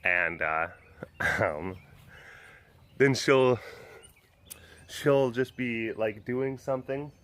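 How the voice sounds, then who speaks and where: A man's voice: medium pitch, extremely slow, long pauses, a bit bright. A man working as a big cat caretaker, chatting casually and playfully to the cats and the camera, teasing them, laughing often and using baby talk. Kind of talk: casual chat to animals and camera.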